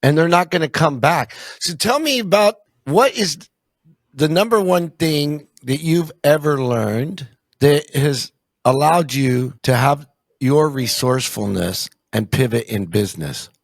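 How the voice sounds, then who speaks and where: A man's voice: fairly high pitch, lively intonation, measured pace, vocal fry, no room sound. A man hosting a podcast, asking questions in a conversational way and ending his points with "right?". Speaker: podcast host. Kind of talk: interviewing.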